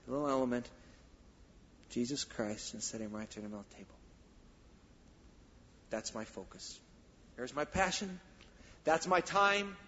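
A male pastor preaching a sermon, emphatic, swinging from quiet asides to loud declarations. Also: high-pitched. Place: church sanctuary. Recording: dull sound with long hall reverb.

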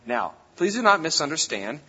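This pastor's voice sits on the high side, sharp and slightly rough, with a sing-song lilt at a moderate pace. He delivers his sermon in a folksy, conversational manner. The church hall recording echoes and sounds dull and lo-fi.

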